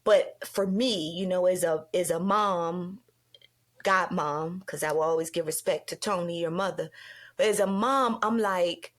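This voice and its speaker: A middle-aged woman hosting a podcast, telling an emotional story in an animated way and acting out the lines she quotes. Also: lowish voice, measured pace. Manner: animated, acts out quoted dialogue. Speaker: podcast host.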